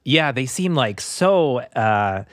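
A man co-hosting a music podcast, chatting casually and loosely, often restarting his sentences. His voice is mid-pitched and recorded close and dry, with no room sound. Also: animated, slow pace, no room sound. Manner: conversational, frequent fillers and restarts. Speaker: podcast co-host. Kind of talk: casual chat.

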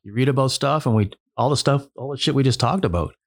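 A man's voice: medium pitch, fast talker, no room sound. A man co-hosting a casual podcast chat, rambling with many restarts and stammers.

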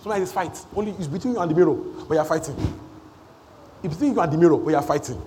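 A man preaching a sermon in church. He repeats phrases for emphasis and swings between shouting and hushed asides. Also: on the high side, fast, pauses often, noisy background. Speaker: pastor.

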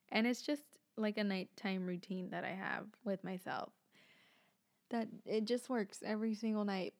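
A woman's voice: mid-range voice, a little mellow. A young woman hosting a solo podcast, rambling casually with lots of fillers and swearing. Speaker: podcast host.

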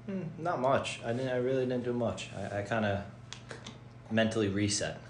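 A man's voice: mid-range voice, expressive, moderate pace. A man, a referee guest on a podcast, answering in a laid-back, easygoing way. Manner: laid-back, brief agreeing replies. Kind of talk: casual podcast chat. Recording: echoey room with faint ambient noise.

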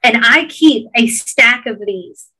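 A woman's voice: on the high side, lively intonation, takes it slowly, bright, forceful tone, breathy edge, poor audio. A woman with a Georgia Southern accent, earnestly encouraging listeners in a casual podcast chat.

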